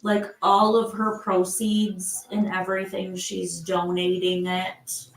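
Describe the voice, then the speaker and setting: A woman's voice: mid-range voice, completely flat delivery, slow, reverberant, slight background noise, poor audio. An older woman from Michigan hosting a casual live chat, rambling with lots of fillers and restarts. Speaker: live stream host.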